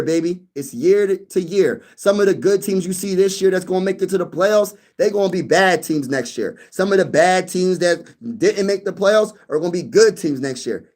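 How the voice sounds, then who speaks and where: A man with a high-pitched, darkish voice hosts a casual sports livestream, reading viewer comments. He's hyped and boastful, repeating phrases for emphasis and using slangy street talk, calling listeners bro and baby.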